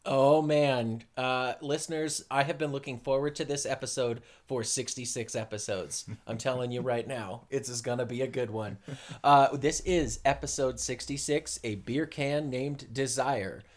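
A man's voice: medium pitch, normal speed. A young man co-hosting a casual podcast, joking around and laughing often. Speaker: podcast co-host.

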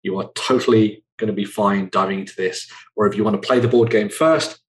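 A man's voice: lowish voice, steady tone, brisk, poor audio. A man hosting a casual chat, rambling with lots of ums and uhs as he runs through news. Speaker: host.

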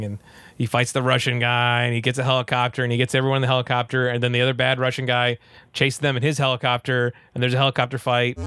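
A man's voice: medium pitch, noisy background. Rambling man retelling a movie plot. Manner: rambling, animated, full of "you know" and "like".

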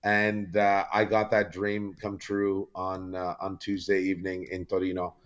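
Rambling low-voiced man telling a story. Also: completely flat delivery, unhurried. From Canada. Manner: rambling storytelling with many fillers. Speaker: podcast guest. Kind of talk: casual podcast chat.

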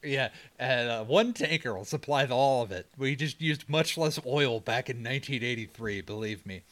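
A man co-hosting a casual movie recap podcast, joking, swearing and acting out characters in quick bits. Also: mid-range voice, a bit bright. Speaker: podcast co-host.

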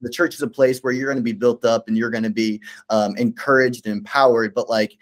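A man's voice: medium pitch, steady tone, fairly quick. A man who is a pastor, speaking earnestly and encouragingly in a casual faith conversation, with many fillers and restarts.

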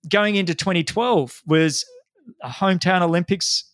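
Casting: Australian male podcast host in his forties, chatty and quick to laugh, bright and fairly high voice, dry close sound. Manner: chatty, laughs often, mimics shouts when retelling. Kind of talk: conversational interview.

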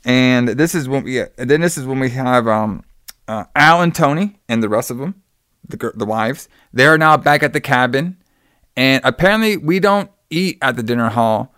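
A man in loose, casual conversation walks through a movie plot, swearing freely and slipping into the characters' voices. His voice sits at an ordinary middle pitch. The sound is dry and close. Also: animated, normal speed, a bit bright, smooth, no room sound. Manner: profane, rambling, acts out characters' lines. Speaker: podcast co-host recapping a movie. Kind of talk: casual chat.

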